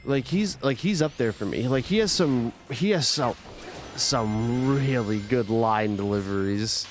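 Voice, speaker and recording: A young man talks loosely while he plays, circling his point with plenty of "like" and false starts. His voice sits at an ordinary middle pitch. Soft game music runs faintly underneath. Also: measured pace. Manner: rambling, full of "like" and restarts. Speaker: gaming streamer. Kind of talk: casual chat while playing a game.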